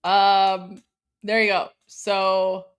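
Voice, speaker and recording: A woman's voice: mid-range voice, little pitch movement, extremely slow, clear, resonant tone. A woman in her forties from Canada hosting a live commentary stream, chatty and giggly, with lots of "like" fillers. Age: 40s. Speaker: livestream host.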